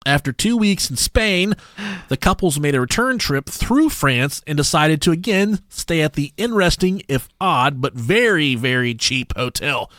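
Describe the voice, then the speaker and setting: A man co-hosting a casual comedy podcast, reading a story aloud with profane asides and loud joking voices. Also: a little high, expressive, moderate pace, dry recording, clean studio sound. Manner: profane, rowdy. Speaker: podcast co-host.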